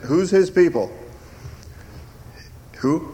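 An older man preaching a sermon as pastor, slow and emphatic, lifting his voice when he quotes scripture. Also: medium pitch.

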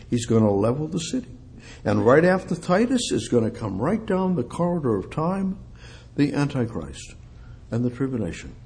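A man preaching an expository sermon, reading scripture aloud as he goes. His delivery swings from loud, emphatic peaks down to low, quiet stretches.

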